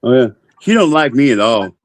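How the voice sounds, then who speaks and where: A man's voice: mid-range voice, big pitch swings, a little fast. A man, a guest on a stream, talking bluntly and cursing without care. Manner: blunt, profane. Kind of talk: casual chat.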